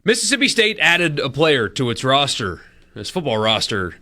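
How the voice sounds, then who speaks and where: Bright-voiced wry male radio co-host. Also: mid-range voice, big pitch swings. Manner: wry, quick-witted. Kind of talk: casual sports talk chat.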